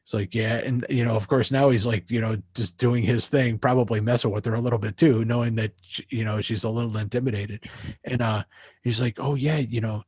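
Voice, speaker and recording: A man guest in a casual interview, telling animated anecdotes and acting out the voices of people he quotes, with many restarts. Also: medium pitch, fairly quick, slightly rough, no echo, studio quality. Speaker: interview guest, jazz musician.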